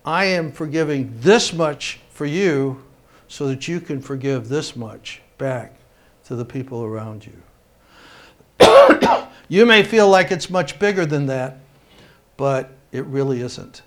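A man preaching a sermon, reading scripture aloud with rising emphasis and making asides to his congregation. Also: on the high side. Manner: pauses and restarts mid-sentence. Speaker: pastor.

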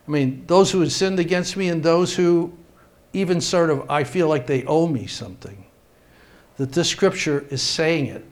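A man delivers a sermon to his congregation from a church sanctuary. His voice sits a little high, and he reads scripture aloud with growing emphasis. Now and then he pauses and restarts to speak directly to the people in front of him. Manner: pauses and restarts mid-sentence. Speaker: pastor.

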